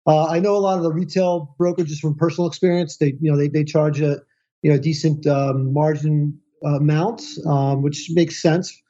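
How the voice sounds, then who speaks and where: A man co-hosting a podcast, explaining things casually in a halting way, full of ums and restarts. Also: fairly high pitch, warm tone. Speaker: podcast co-host. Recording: dull lo-fi sound.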